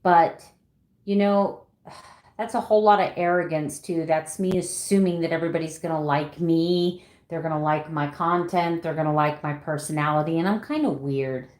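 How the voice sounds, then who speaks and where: A woman's voice: low voice, normal speed, darkish tone. A woman in her fifties chatting casually with livestream viewers, laughing often and reading out their names. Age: 50s. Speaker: keto vlogger. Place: home room. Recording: echoey room.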